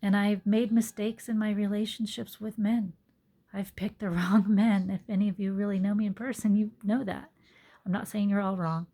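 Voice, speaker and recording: A woman's voice: mid-range voice, fairly even intonation, moderate pace. A woman yoga teacher talking earnestly into her phone in a reflective personal monologue, sometimes dropping to a whisper. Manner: earnest, soft-spoken, drops to whispered asides.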